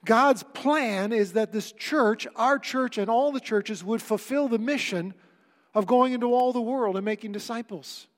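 A man's voice: extremely high pitch, a little slow. A male pastor preaching a sermon, earnest and emphatic, with wry asides to the congregation. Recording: long reverb of a church hall.

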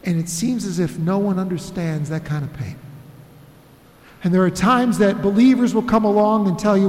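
A man preaching a sermon as pastor, emphatic, repeating phrases and slowing for weight. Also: high voice, expressive, a little mellow. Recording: echoey hall with long reverb.

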